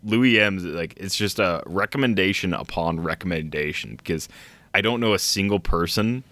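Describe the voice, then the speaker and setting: A man's voice: low-pitched, normal speed, bright, forceful tone, dry recording. A young man co-hosting a podcast, talking in a rambling, enthusiastic way. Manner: rambling, enthusiastic, lots of restarts. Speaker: podcast co-host. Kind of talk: casual chat.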